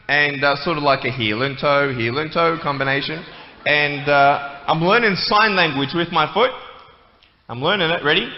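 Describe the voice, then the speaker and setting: A man giving a playful, joking talk to a church audience. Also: fairly high pitch. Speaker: guest speaker. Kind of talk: humorous stage talk. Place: church hall. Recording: echoey hall, muffled, faint noise.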